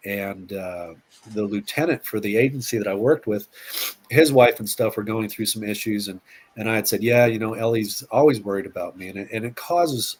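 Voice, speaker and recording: A middle-aged man, a police officer, telling stories as an interview guest, often repeating words and acting out quotes. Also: on the low side. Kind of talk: casual storytelling interview.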